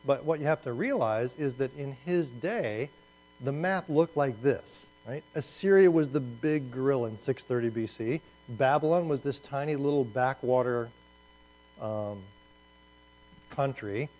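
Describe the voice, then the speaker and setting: A man preaching a conversational sermon with slides, animated and restarting phrases as he goes. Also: mid-range voice, unhurried, rough recording. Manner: animated, repeats words as he restarts. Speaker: pastor.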